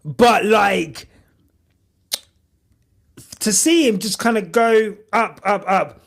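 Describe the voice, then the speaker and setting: A man's voice: high-pitched, takes it slowly, creaky, a bit bright, slight background noise. A young man hosting a live stream, chatting casually and emotionally in a rambling way with lots of fillers. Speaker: podcast host streaming live.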